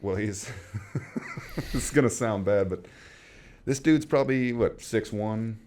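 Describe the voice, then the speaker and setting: A man's voice: lowish voice, lively intonation, slow, darkish tone, slight background noise. A man co-hosting a podcast, trading crude jokes in casual banter. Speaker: podcast co-host. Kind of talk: casual chat.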